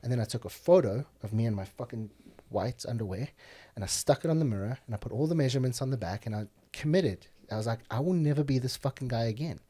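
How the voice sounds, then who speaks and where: A man's voice: mid-range voice, lively intonation, fast talker, few pauses, mellow, husky. A man talking as a podcast guest, telling blunt, profane stories in casual conversation. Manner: blunt, profane, heated storytelling.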